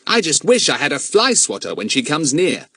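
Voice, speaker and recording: A man's voice: a little high, very animated, moderate pace, a bit bright, slightly rough, no echo, studio quality, pitched above the performer's own voice, exaggerated voice. A man voicing a cheeky, blunt teenage boy in a storybook. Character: cheeky boy with a parrot, young teen.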